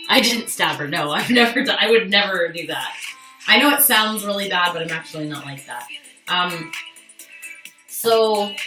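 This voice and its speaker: Recorded from across an echoey room with faint music playing, a young Canadian livestreamer shares a personal story, swearing freely and talking candidly with viewers. Her voice is medium in pitch, pushed and bright.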